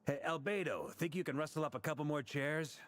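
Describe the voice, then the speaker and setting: A man's voice: a little high, fairly quick, a bit bright, slight background noise, close to an everyday voice. An actor playing a confident male knight commander in a video game. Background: game music.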